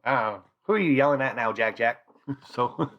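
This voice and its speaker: A man's voice: medium pitch, normal speed, fairly bright tone, muffled recording. Chatty man hosting a hobby live stream. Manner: chatty, rambling, reads out viewer names. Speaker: channel host. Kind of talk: casual live-stream chat. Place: home model railroad room.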